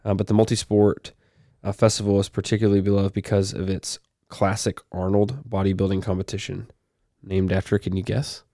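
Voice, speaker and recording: Reading out the news on a casual podcast, this young co-host breaks off for offhand asides. He speaks a little fast with a flat delivery, his voice somewhat low and mellow, and the close recording is dry.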